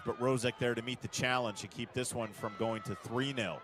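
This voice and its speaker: A man doing live play-by-play commentary of a soccer match, calling the action at a steady pace and rising sharply when a big chance comes. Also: mid-range voice, normal speed, a little hiss or hum.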